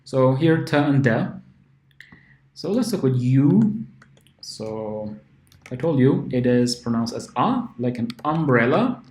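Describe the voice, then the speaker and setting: A man's voice: medium pitch, very animated, slow, darkish tone. A man teaching English letter sounds, patiently repeating each example word. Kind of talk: phonics lesson explanation. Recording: echoey room.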